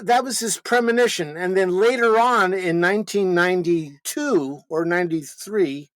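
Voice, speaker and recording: A man in his seventies, a guest musician calmly recounting old memories in an interview. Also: high-pitched, normal speed, no room sound. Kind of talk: interview recollection.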